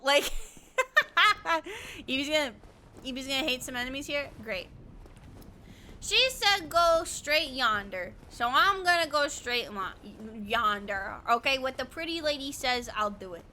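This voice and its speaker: A woman's voice: high-pitched, lively intonation, normal speed, pushed and bright, a little hiss or hum. A woman streaming a video game, chatting casually, giggling often and swearing playfully. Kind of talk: casual gaming commentary.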